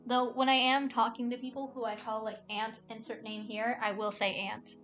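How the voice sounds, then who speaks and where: A young woman streaming a game, reading the story aloud and chatting, sarcastic and quick to swear. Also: a little high, little pitch movement, a bit bright, faint music behind.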